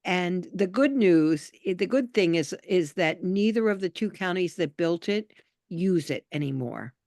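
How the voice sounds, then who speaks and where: A woman from New York state with a rather low voice, speaking up on a video call. She is chatty and animated, dropping into quiet asides, and the sound is close and dry with no room echo. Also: measured pace. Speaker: call participant, activist. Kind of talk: casual video call conversation.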